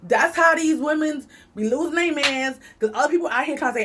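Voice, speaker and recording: A woman telling a story in an animated, chatty vlog. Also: normal speed, hardly any pauses, slight background noise. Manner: animated and chatty, big swings in pitch. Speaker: vlogger.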